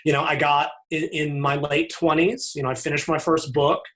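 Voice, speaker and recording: A man's voice: fairly high pitch, little pitch movement, normal speed, fairly bright tone. A man guesting on a podcast, talking frankly and reflectively in loose conversational sentences that often restart. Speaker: podcast guest, fitness author. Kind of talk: candid conversational interview.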